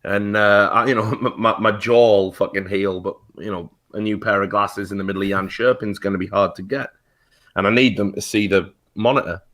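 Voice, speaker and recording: A man's voice: fairly low pitch, steady tone, brisk, fairly bright tone. A British man telling a heated story on a talk show, swearing often and restarting his sentences. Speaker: guest.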